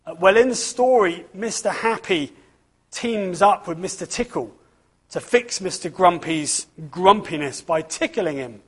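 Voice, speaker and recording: A man's voice: high voice, expressive, unhurried, a bit bright, slightly rough. A man giving a children's talk at church, reading a storybook aloud and asking the listeners questions.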